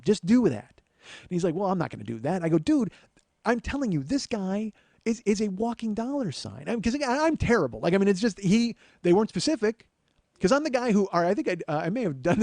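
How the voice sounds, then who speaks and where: A man's voice: sits high, no room sound. A man in his forties, a comedian and podcast host, telling a profane story and acting out both sides of the dialogue. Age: 40s. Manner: profane, animated anecdote-telling with acted-out dialogue. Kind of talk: casual comic storytelling.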